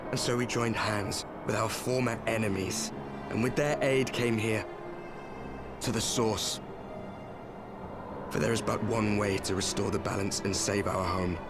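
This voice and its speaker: Man as a solemn masked game villain, low, archaic, over loud orchestral music. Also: steady tone, close to an everyday voice. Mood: grave. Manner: solemn, archaic, measured delivery. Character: grim masked male warrior from another world. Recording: game cutscene with loud score.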